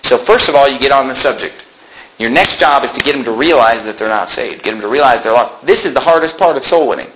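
A man's voice: medium pitch, fast talker, background noise. A man preaching a sermon, reading Bible verses aloud and telling stories in which he acts out the people he talked to. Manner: animated storytelling, acts out voices in anecdotes; reads Bible verses in King James wording.

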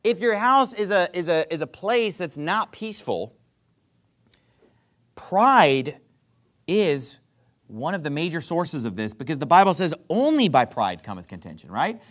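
Animated preaching man, lively pitch. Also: measured pace. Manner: animated preaching, rhetorical questions to the congregation; drops to a soft low voice to act out apologies. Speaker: pastor. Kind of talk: sermon.

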